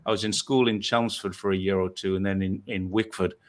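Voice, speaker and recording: A man's voice: low-pitched, steady tone, brisk. A man from northeast England hosting a casual chat, rambling and self-deprecating as he tells his story. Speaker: host.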